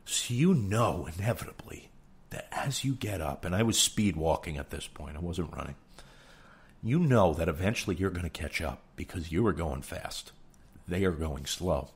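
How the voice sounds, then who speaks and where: A man's voice: sits low, lively intonation, normal speed, husky. A young man, hosting a podcast with a rambling, swearing, self-deprecating comedic rant. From New York. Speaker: podcast host.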